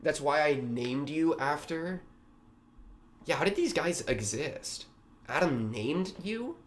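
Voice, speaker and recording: A man's voice: on the high side, slow pace, a little hiss or hum. A young man hosting a reaction video, talking in a rambling, slangy way with lots of fillers. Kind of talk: casual reaction commentary.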